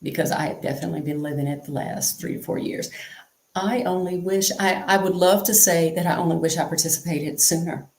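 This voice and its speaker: Lady guest w a low voice chatting away, repeats stuff for emphasis, roomy echo on it. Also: steady tone, a little fast, darkish tone. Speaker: interview guest. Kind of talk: candid conversational storytelling.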